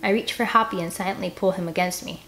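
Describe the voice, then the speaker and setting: A woman reading a children's novel aloud in first person, gentle and expressive. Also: fairly low pitch, quick pace, slight background noise. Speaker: audiobook reader. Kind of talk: first-person storybook narration.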